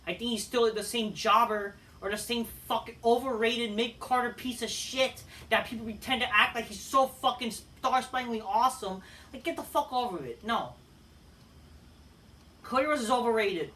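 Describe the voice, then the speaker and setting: A woman's voice: a little high, moderate pace, bright, forceful tone, distant mic. A woman giving a heated, profane ranting review as a wrestling show host.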